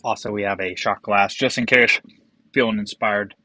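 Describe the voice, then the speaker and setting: A man's voice: fairly low pitch, fairly even intonation, normal speed, noisy background. A young man hosting a casual whiskey tasting, rambling and joking with profane asides. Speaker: whiskey vlogger.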